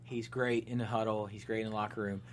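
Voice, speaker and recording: A man's voice: fairly low pitch, little pitch movement, fast. Man, podcast co-host, rambling casual sports chat, faint hum behind. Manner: rambling, many restarts and fillers, laughs at own jokes.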